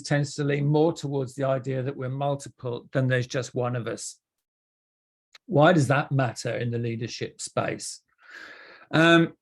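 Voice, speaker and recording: A man's voice: a little high, creaky. A man giving a conference talk, explaining ideas with frequent fillers and restarts. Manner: hesitant, with many fillers and restarts. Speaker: conference speaker.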